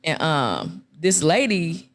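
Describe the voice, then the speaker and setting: A woman hosting a podcast, telling stories in casual chat with profanity and acted-out quotes. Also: takes it slowly. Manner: animated, profane, acts out quotes in a jumping pitch. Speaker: podcast host.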